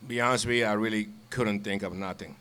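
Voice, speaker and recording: A man's voice: on the low side, fairly even intonation, quick pace, a bit bright, clear, resonant tone. A man, a former ballplayer, casually telling stories with frequent laughs and repeated words. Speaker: guest, former baseball player. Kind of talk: casual storytelling.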